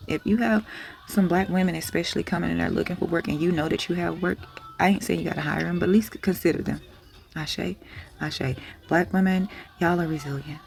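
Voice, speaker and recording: Gravelly woman, candid and emotional. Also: on the low side, steady tone, fairly quick, soft background music. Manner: frank and emotional, with hushed asides and casual swearing. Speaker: spiritual vlogger. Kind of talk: candid motivational talk.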